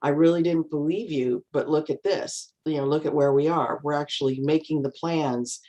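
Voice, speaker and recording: A middle-aged woman talking as a guest, telling stories calmly and acting out the voices of people she quotes. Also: low voice, normal speed. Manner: calm, anecdotal, acts out quoted voices. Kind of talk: casual storytelling chat.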